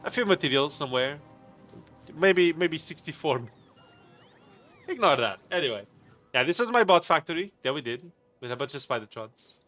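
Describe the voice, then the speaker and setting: Greeting his viewers by name while he plays, a game streamer chats in a casual, rambling, playful way and laughs frequently. His slightly high voice is very animated, pushed and bright, at normal speed with long pauses, and faint music sits in the background.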